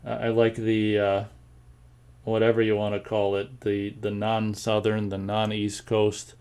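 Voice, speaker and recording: Rambling, low-voiced American man. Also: completely flat delivery, measured pace, a little mellow, smooth. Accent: General American. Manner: rambling, with many fillers and repeated words. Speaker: live show host reading chat comments. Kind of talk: casual live-stream chat.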